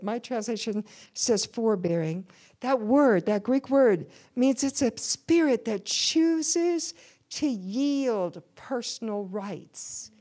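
A woman's voice: high-pitched, warm tone. A woman preaching a sermon in church, calling on the congregation to answer back. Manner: call-and-response preaching to a congregation.

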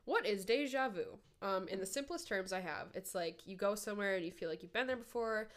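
A woman's voice: mid-range voice, a little fast. A young woman from Minnesota with a light Minnesotan accent, co-hosting a podcast in rambling, profane casual chat on a studio mic. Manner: rambling, profane, with many "like" fillers. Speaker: podcast co-host. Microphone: headphones and studio mic.

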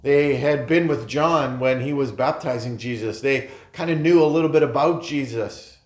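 A man preaching a sermon as pastor, earnest, stressing key phrases and then letting his sentences fall soft. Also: mid-range voice, normal speed. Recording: roomy echo.

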